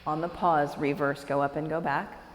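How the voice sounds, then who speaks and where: A woman, a yoga teacher leading a live class with slow, calm cues and encouraging asides. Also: low-pitched, a little hiss or hum. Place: yoga studio, large room. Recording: echoey studio recorded live from a distance.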